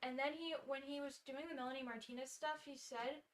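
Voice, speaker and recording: A woman's voice: high voice, fairly even intonation, fairly quick. A woman chatting casually as a stream guest, speculative and tentative. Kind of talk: casual chat.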